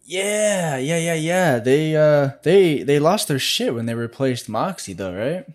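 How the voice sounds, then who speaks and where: A man's voice: a little high, lively intonation, measured pace. A man voicing a laid-back male radio co-host who agrees along easily. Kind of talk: mock radio show banter.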